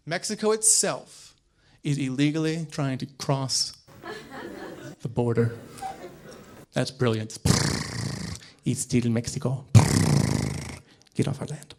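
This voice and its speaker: A young man from the American South performing a stand-up set in a comedy club, talking quickly and acting out voices with sudden loud bursts. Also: mid-range voice, vocal fry.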